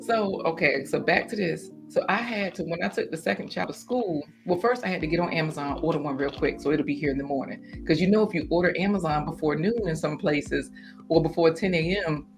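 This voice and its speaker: A chatty woman hosts a casual livestream with a slightly low voice. She talks in an animated way and laughs often, with faint music playing underneath. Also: brisk. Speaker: host of a garden livestream.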